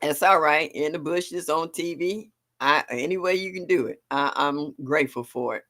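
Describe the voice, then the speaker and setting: Bright-voiced older woman hosting a live chat. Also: low-pitched, moderate pace. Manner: warm, chatty, greets viewers by name; emotional, sighing and laughing. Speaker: livestream host. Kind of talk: casual live-chat stream.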